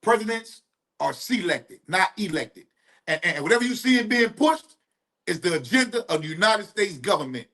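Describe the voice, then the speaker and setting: A man's voice: high-pitched, very animated, normal speed, pushed and bright. A man co-hosting a podcast, giving blunt, profane opinions in casual street talk. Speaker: podcast co-host.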